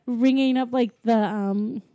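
Chatty woman with a mellow, dry voice. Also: a little high, steady tone, a little slow, no echo. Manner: chatty storyteller, acts out quotes, laughs often. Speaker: podcast co-host recapping a film. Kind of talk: casual chat.

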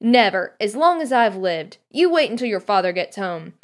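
A woman voicing a frantic, scolding middle-aged mother witch who yells at her sons. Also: sing-song, moderate pace, lightly acted. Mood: furious scolding. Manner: shrill, yelling, scolding.

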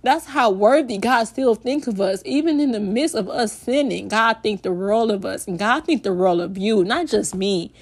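A woman's voice: mid-range voice, expressive, normal speed, few pauses. An emotional young woman talks on her faith podcast, close to tears. Her delivery is heartfelt and loose, full of "like" and repeated phrases. She ends up praying aloud. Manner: heartfelt, repetitive "like", ends in spoken prayer. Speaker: podcast host.

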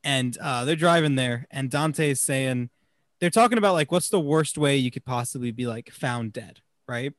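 A man from New Jersey co-hosting a casual movie discussion, animated, laughing often and restarting his sentences. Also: mid-range voice, normal speed, dry recording, clean studio sound. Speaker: podcast co-host.

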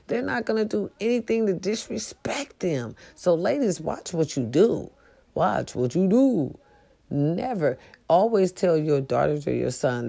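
A middle-aged woman with a low, mellow voice and a gravelly rasp. She talks straight to her live-stream viewers, preachy and emphatic, and swears freely.

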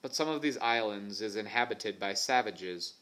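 A man voicing a big, gruff sailor who speaks in a plain, rough, working-class way. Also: on the low side, animated, normal speed, sharp tone.

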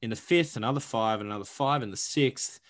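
A young man, talking at an ordinary pitch. He co-hosts a sports podcast in a loose, joking way, piling up "like" and "you know" as he rattles through scores and stats. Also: brisk. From Australia. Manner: animated, joking, rattles off stats with lots of fillers. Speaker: podcast co-host. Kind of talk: casual sports podcast chat.

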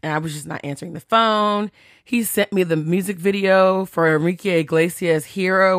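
This podcast host's lowish voice carries a chatty, animated story in which she quotes texts and swears freely. The studio sound is clean, with no echo.

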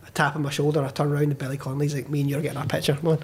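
A man's voice: a little high, flat delivery, racing, gravelly, a little mellow, husky. A young Scottish man, a filmmaker on a podcast, telling a story animatedly and swearing freely as he acts out the quotes. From Scotland. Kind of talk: casual storytelling chat.

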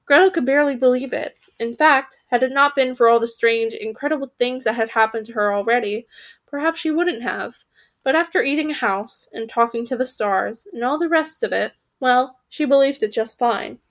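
A woman's voice: fairly high pitch, normal speed, a bit bright. A woman reading a children's fantasy story aloud, voicing the characters and stopping to correct her own slips.

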